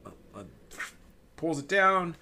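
A man's voice: fairly high pitch, very animated, takes it slowly, bright, forceful tone, a little hiss or hum. A man hosting a casual podcast chat, talking loosely and laughing often. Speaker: podcast host.

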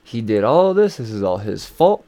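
A man's voice: fairly low pitch, very animated, moderate pace, dark tone, no room sound. A man voicing a scheming, foul-mouthed female villain who talks brashly as he retells a comic. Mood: brash taunting. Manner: brash, profane taunting.

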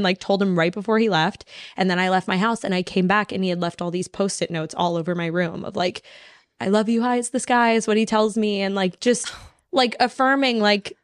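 A young woman from Texas hosting a podcast, chatting in an animated, frank way with swearing and laughter. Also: mid-range voice, no echo, studio quality. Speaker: podcast host. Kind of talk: casual chat.

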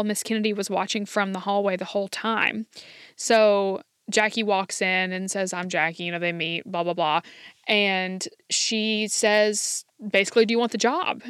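A woman hosts a podcast and tells the story casually, in a chatty, quick way with plenty of fillers. Her pitch is mid-range, and the close mic gives a dry, dead sound. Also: fairly bright tone, dry recording. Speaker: podcast host.

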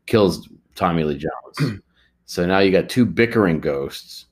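A man co-hosting a comedy podcast, pitching absurd movie ideas in a deadpan way. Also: measured pace. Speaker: podcast co-host.

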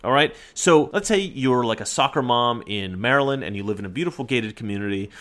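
A man's voice: mid-range voice, animated, fairly quick, fairly bright tone. A man giving an opinionated, argumentative political monologue with emphatic delivery. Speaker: political commentator.

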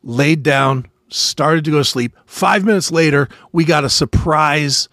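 A man hosting a podcast, telling army stories in a casual, profane way and loudly acting out the people he quotes. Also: fairly high pitch, a little slow, dry recording, clean studio sound. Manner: animated, swearing, acts out quotes loudly. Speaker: podcast host, former soldier. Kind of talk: casual storytelling chat.

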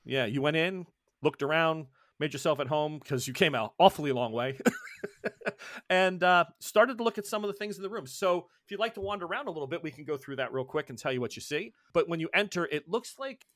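A man's voice: on the high side, lively intonation, fairly quick, a bit bright, no room sound, clean studio sound. A man from the northeastern United States running a tabletop horror game as game master, rambling and playful, with many fillers and restarts.

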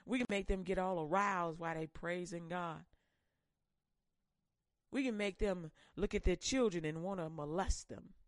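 A woman preacher voicing gloating, scheming demonic spirits in low, sneering taunts. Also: normal speed, no room sound, lightly acted.

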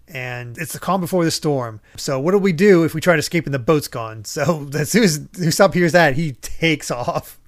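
A man's voice: a little high, moderate pace, few pauses. Laughing man hosting a comic podcast. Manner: laughs often, quotes characters animatedly. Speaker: podcast host. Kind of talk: casual chat about a comic.

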